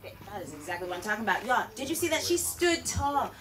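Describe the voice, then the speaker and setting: A woman's voice: on the high side, sing-song, quick pace, fairly bright tone. A woman teaching a lesson to children, exuberant and exclamatory, calling the kids her people. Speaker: peace educator teaching children. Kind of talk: enthusiastic classroom lesson. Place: outdoor class. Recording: distant mic outdoors with background noise.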